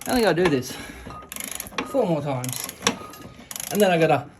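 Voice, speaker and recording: A man's voice: fairly high pitch, lively intonation, moderate pace, very noisy. A man giving casual commentary while working on a car part in his workshop, chatting as he goes. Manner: talks while working, chatty, self-deprecating. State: out of breath. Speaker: home mechanic.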